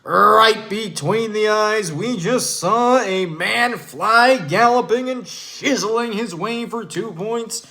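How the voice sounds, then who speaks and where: A man's voice: sits high, pushed and bright, voice pushed up, heavily acted. A man doing a theatrical play-by-play announcer. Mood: hyped. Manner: drawn-out, theatrical play-by-play calling. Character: male basketball play-by-play announcer, booming and theatrical. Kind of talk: comedic impression.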